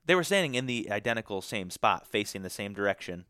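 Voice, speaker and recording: A man from Michigan tells a story as a podcast guest, talking fast and loose with lots of "like"s and with real feeling in his voice. His voice sits a little low, and the sound is close and dry, with no room around it. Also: very animated, pushed and bright, smooth, no room sound. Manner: emotional, many "like" fillers. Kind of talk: casual storytelling.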